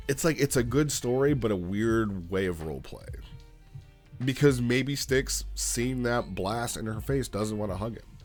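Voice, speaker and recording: A man giving a casual, rambling spoken review of a roleplay log, halting and often checking in with "right?". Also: fairly low pitch.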